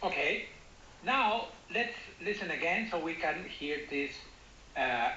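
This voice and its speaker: A man's voice: fairly high pitch, expressive, slow, pushed and bright, reverberant, highs cut off, slight background noise. A man teaching English, explaining patiently and often asking if students follow. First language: Spanish. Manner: explains patiently, checks understanding with repeated "okay?". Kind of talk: online class explanation.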